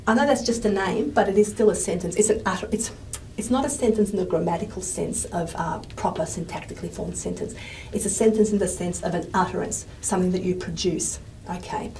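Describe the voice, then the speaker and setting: A woman lecturer talks through a class at the whiteboard, her explanations chatty and peppered with questions to the room. She sits at a middling pitch, heard from some distance away with a faint background hiss. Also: mellow. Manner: chatty explanatory teaching with frequent "okay?" and "um".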